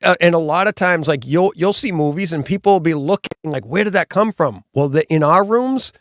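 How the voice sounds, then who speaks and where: A man hosting a casual live talk about home theater, telling stories animatedly and acting out gunshot booms. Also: a little fast, no echo, studio quality. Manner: animated, acts out gunshot sounds. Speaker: host. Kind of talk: casual chat.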